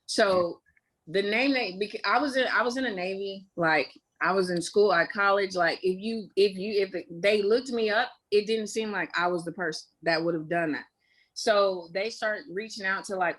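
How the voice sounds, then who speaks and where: A young woman from Indiana, a guest in an interview, telling her story candidly with plenty of swearing, fillers and quick asides. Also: mid-range voice, a bit bright.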